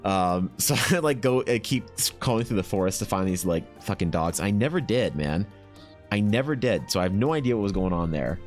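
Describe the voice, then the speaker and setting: A man's voice: deep voice, animated, a little fast, faint music behind. A young Canadian man telling a rambling story to his stream chat, casual and full of swearing and fillers.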